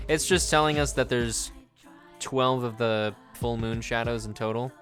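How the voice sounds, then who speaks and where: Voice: mid-range voice, moderate pace, music in the background. A streamer chatting casually through a live game stream, joking and swearing offhand.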